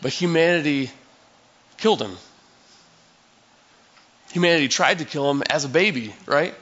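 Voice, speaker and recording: A man's voice: a little high, animated, moderate pace, a bit bright, dull audio. A male pastor giving a sermon in a conversational, storytelling way, acting out scenes for his listeners.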